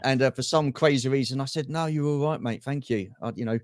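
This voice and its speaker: A man's voice: medium pitch, brisk, no room sound, clean studio sound. A middle-aged man co-hosting a livestream, chatting casually about football and greeting viewers by name. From England. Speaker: livestream co-host.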